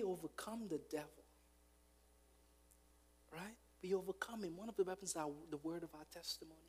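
High-pitched fervent male preacher. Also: normal speed, long pauses, husky. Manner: fervent preaching, rising to shouts. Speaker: pastor. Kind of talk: sermon.

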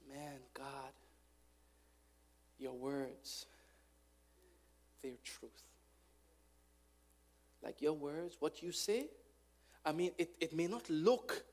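A man preaching a fervent sermon as a pastor, building from calm urging to loud, impassioned exhortation. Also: high-pitched, unhurried. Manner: fervent preaching, rising to shouts.

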